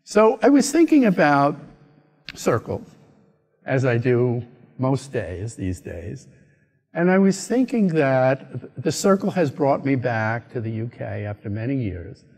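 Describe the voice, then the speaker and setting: An American man giving a conference keynote, telling a story in an animated way and acting out the voices of the people in it. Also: medium pitch, measured pace. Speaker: keynote speaker. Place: conference hall. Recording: echoey hall.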